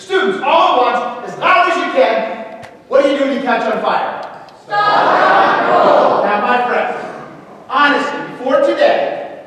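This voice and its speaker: A man giving an energetic motivational talk at a school assembly, calling out to the students and acting out kids' voices. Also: very high-pitched. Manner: animated, calls out to the audience, acts out kids' voices. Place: large school gym or auditorium. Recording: echoey hall recorded from far off.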